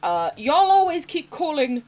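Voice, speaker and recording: A giggly, sweary Englishwoman with a posh southern accent chats casually while gaming on a live stream. Her voice is high and a little mellow, with big pitch swings and a measured pace.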